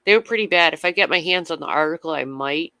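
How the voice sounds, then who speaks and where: Man, casual livestream chat, rambling and swearing, fairly high voice, bright and clear, dry sound. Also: fast, dry recording.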